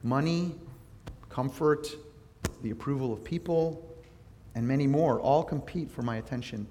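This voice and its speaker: A male pastor giving a sermon in a relaxed, conversational way, often turning to his listeners with questions. His voice sits at an ordinary middle pitch. It carries a long reverb, as if recorded in a large hall. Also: measured pace. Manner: conversational teaching with prayer, asks listeners questions.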